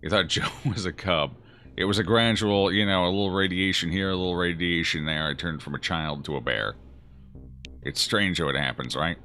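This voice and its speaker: A man's voice: low-pitched, normal speed, bright, forceful tone, faint music behind. A man streaming a game, chatting casually and jokingly as he reacts aloud to his chat. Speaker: gaming streamer. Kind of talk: casual let's-play commentary answering chat.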